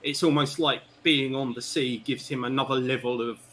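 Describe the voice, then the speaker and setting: A man's voice: medium pitch, steady tone, moderate pace, sharp tone, a little hiss or hum. A man, a tabletop game player describing his character's actions in a rambling, descriptive way.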